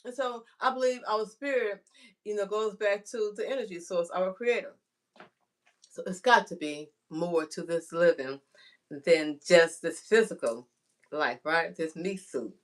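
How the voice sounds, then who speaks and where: A woman's voice: on the low side, unhurried. A chatty woman sharing homespun thoughts on faith with her viewers in a casual vlog. She talks in a rambling way and keeps looking for the right words. She often checks in with "right?" and talks straight to the listener. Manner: rambling, searching for words, frequent "you know" and "right?". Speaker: vlogger.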